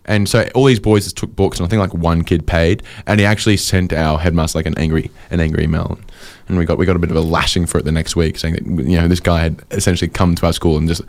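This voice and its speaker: A man's voice: sits low, level tone, fast, hardly any pauses. A man co-hosting a comedy podcast, telling jokey, rambling stories full of fillers. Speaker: co-host.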